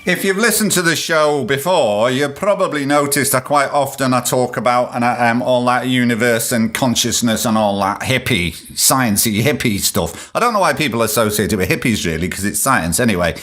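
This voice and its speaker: A man's voice: medium pitch, moderate pace, few pauses, fairly bright tone, soft background music. A man hosting a solo podcast, ranting sarcastically and swearing as he rambles between points. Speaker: podcast host.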